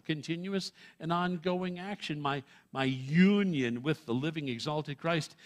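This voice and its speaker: Guy preaching a sermon, high-ish voice, punchy and emphatic, cracks dry jokes and chuckles. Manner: emphatic, with wry humor and chuckles. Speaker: pastor. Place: church sanctuary.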